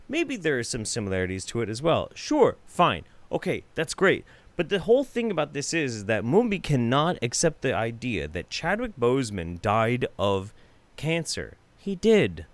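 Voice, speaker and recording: Guy doing live stream commentary, foul mouthed and ranty, pitch jumps all over, reads donos too. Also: wildly swooping pitch, moderate pace, no room sound. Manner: profane, ranting and sarcastic; reads viewer donations aloud. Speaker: streamer reacting to videos.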